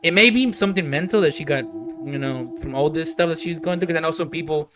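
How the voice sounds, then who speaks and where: A man hosting a casual podcast chat, excitable, swearing a lot and reacting loudly. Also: on the high side, fast talker. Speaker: podcast host.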